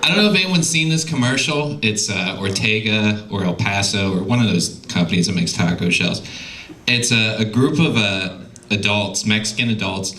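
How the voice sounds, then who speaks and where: A young male stand-up comedian telling profane, animated stories on a comedy club stage into a handheld mic. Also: on the low side, normal speed. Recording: loud noisy live club recording.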